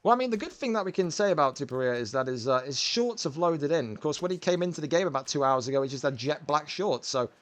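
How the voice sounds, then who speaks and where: Man, slightly higher voice, video game fight commentary, chatty, bantering, rambling. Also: expressive, quick pace, hardly any pauses. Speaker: commentator and host.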